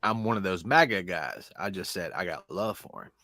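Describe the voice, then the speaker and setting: A man co-hosting a podcast in casual chat, joking and animated, saying "bro" a lot. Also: low voice, normal speed, no echo, studio quality. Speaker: podcast co-host.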